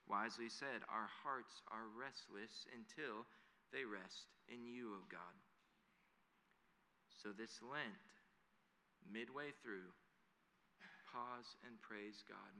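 A man's voice: lowish voice, sharp tone, a little hiss or hum. A man preaching a sermon in an earnest way that builds to emphatic declarations. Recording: long hall reverb.

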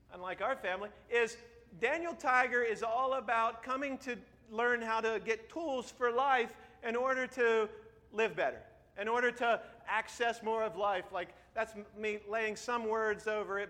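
A man in his thirties preaching a sermon as pastor, earnest, dropping to a hush and then rising with emphasis. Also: very high voice. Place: church sanctuary. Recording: long reverb of a large hall.

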